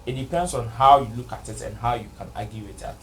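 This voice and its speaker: A man's voice: mid-range voice, fast, a bit bright, slight background noise. A man, a co-host, giving his opinion hesitantly and repeating phrases as he thinks. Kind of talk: opinion discussion.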